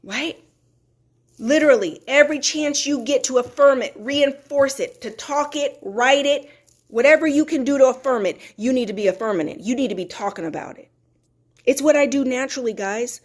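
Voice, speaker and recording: A woman hosts a motivational live talk in a somewhat high voice. She is emphatic and preachy, repeating key phrases for effect and reading viewer comments aloud. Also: normal speed. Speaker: motivational host.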